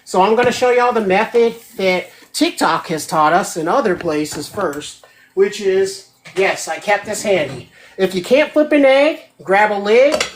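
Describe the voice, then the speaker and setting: A woman's voice: medium pitch, lively intonation, unhurried, a little hiss or hum. A woman hosting a casual live cooking demo from her home kitchen, chatty and checking in with her viewers as she goes. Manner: chatty, keeps checking in with 'right?'. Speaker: host of a home cooking show.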